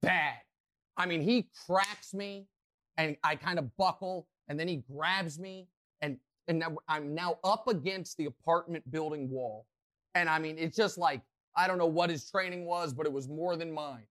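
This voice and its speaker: Excitable man telling a wild story. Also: a little high, normal speed. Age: adult, past college. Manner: excitable, rambling, self-mocking. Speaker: podcast host. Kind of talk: animated storytelling.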